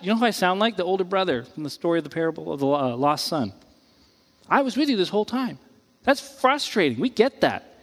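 A male pastor preaching a casual, animated sermon, talking loosely and acting out the voices he quotes. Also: high-pitched, long reverb tail. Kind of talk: conversational sermon.

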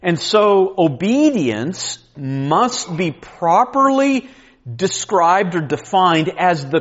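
A man's voice: on the high side, lo-fi sound. A man preaching an earnest, emphatic sermon to a men's retreat, repeating key points and restarting phrases as he teaches. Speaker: pastor.

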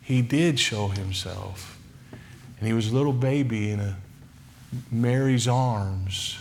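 A male pastor preaching a sermon in a church. He is emphatic, with dramatic pauses and heavy repetition. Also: fairly low pitch, fairly bright tone, a little hiss or hum. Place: church sanctuary.

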